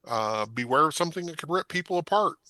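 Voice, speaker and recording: A man playing a tabletop game, deciding moves out loud in casual talk. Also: on the high side, animated, quick pace. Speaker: player.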